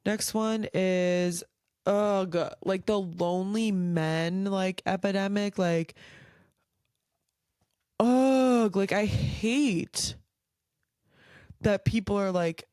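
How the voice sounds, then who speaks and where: This podcast host uses a mid-range, clear and resonant voice, a little mellow, with fairly even intonation and an unhurried pace. In a casual solo rant from home late at night, she's weary and blunt, swearing openly and using lots of filler likes, all in clean, echo-free studio sound.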